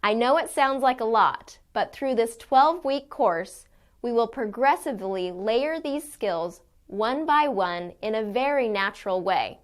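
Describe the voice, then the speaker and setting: A woman teaching an English pronunciation course, speaking in a clear, deliberate way as she models sounds. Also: on the high side. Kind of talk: scripted lesson.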